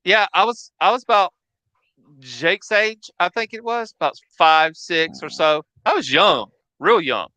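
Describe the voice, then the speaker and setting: Man in his 40s, halting memory-teller, bright, crisp tone, dry close sound. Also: high-pitched, animated, dry recording. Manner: halting, restarts while recalling memories. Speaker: family member telling ghost stories. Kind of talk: casual storytelling chat.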